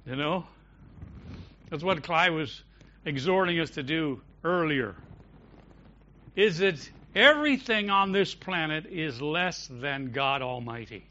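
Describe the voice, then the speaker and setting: A pastor preaches in a bright, forceful voice pitched a little high for a man. He swings from loud, emphatic declarations down to quiet, intimate storytelling. The recording sounds somewhat dull and lo-fi. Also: lively intonation, takes it slowly, pauses often. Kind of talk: sermon. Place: church.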